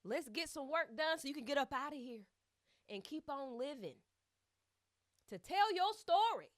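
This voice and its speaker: A woman voicing a stern, assertive female physical therapist who barks orders in a loud, commanding way. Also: high voice, moderate pace, voice pushed up. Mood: encouraging.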